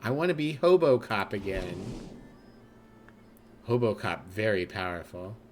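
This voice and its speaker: A man's voice: lowish voice, expressive, measured pace, noisy background. A man streaming a video game, reading its text aloud and slipping into character voices with playful asides.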